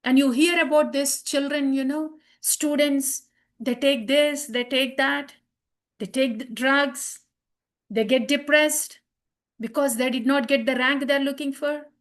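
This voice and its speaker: A woman teaches a Bhagavad Gita class for children, chanting verses, earnestly repeating phrases and points, and asking the class questions. Her voice is high with fairly even intonation, and she talks a little slowly.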